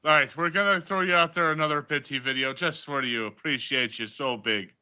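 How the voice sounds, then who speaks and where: Very bright, playful male podcast host. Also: on the high side, brisk, smooth. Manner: playful, laughing, putting on an Irish accent. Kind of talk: casual podcast chat.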